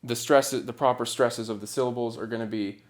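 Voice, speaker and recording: A man's voice: medium pitch, steady tone, brisk. A man teaching a singing diction lesson, explaining patiently step by step. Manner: patient, instructive.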